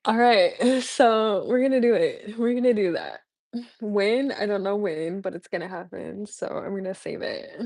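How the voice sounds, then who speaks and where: A bubbly young woman chatting with viewers on a live stream, laughing often as she answers chat questions. Her voice sits at a middling pitch. The recording is dry and close. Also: moderate pace, gravelly, darkish tone, no room sound. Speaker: livestreamer.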